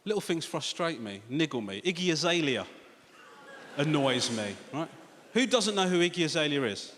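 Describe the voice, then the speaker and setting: A man's voice: on the high side, sing-song, normal speed, fairly bright tone. A British man doing a sardonic, sweary stand-up comedy set, talking straight to the crowd from a large theatre stage. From Britain. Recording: reverberant theatre with audience noise.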